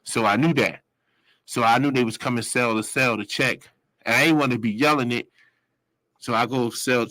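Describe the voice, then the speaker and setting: A man's voice: no echo, rough recording. A man in his forties telling a story in casual street slang, rambling and acting out other people's voices. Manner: animated, acts out quoted voices with sudden high yells.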